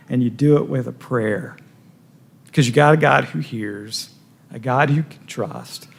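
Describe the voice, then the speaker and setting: A man's voice: medium pitch, vocal fry, darkish tone. A man preaching a sermon in a church, earnest, stumbling over repeated words, his voice rising and falling with feeling. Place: church sanctuary.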